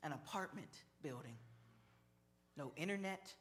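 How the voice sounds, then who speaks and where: Slow-paced preaching man. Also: a little high, animated, a bit bright, a little hiss or hum. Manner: slow, measured preaching with repeated phrases. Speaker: pastor. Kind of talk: sermon.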